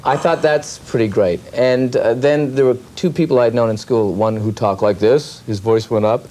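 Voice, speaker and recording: A male comedian telling stories in an interview with lively delivery. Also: medium pitch, moderate pace. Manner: lively storytelling, slips into voices. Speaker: comedian guest. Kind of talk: interview anecdotes.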